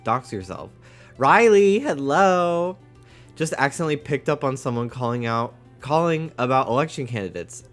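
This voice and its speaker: A man's voice: medium pitch, sing-song, normal speed, a bit bright, soft background music. A man streaming live, chatting casually and jokingly reading viewers' messages aloud. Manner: chatty, jokey, reads chat aloud.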